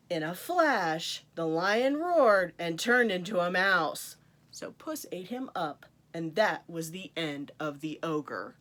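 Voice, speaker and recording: Lively woman reading a children's story. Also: on the low side, slow pace. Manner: animated, playful asides to young listeners. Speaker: storytime reader. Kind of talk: reading a picture book aloud to children.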